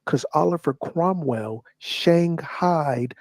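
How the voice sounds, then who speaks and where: A man's voice: a little high, takes it slowly, a little mellow, no echo. A man co-hosting a casual livestream, who reads from a web search and keeps asking joking questions.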